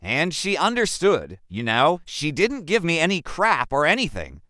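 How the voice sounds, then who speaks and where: Young man from Africa, high voice, bright, first-person story. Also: huge pitch swings, normal speed, dry recording, studio quality. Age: young adult. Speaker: narrator.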